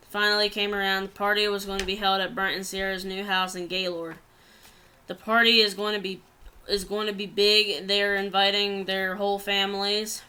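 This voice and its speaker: A woman's voice: mid-range voice, bright, forceful tone, clean tone. A woman reading a long story aloud in a plain way, often stumbling and restarting words.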